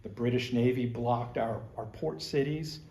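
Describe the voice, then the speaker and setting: A man's voice: mid-range voice, unhurried, warm tone, roomy sound. A man giving a conversational history lecture as a museum curator, explaining with slides and personal asides.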